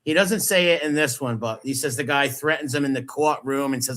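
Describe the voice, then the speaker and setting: A man's voice: mid-range voice, brisk, a bit bright. A man giving angry reaction commentary, mocking and profane as he picks apart a clip.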